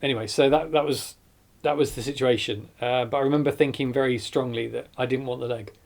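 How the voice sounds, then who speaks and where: Gravelly man recounting an ordeal. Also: medium pitch, fairly even intonation, a little mellow. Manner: earnest, halting recounting with self-corrections. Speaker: survivor telling his story. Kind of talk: documentary interview recollection.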